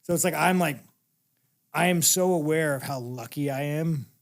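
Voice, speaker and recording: Gravelly-voiced man, blunt and profane. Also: on the high side, normal speed. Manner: laughs while telling stories. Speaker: interview guest. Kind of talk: casual interview chat.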